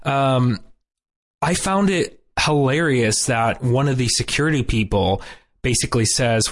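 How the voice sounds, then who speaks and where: A man's voice: mid-range voice, a little slow. A man co-hosting a casual podcast, summarizing a cartoon episode and reacting with disbelief. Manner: incredulous, summarizing plot then reacting. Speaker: podcast co-host. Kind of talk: casual chat recapping a cartoon.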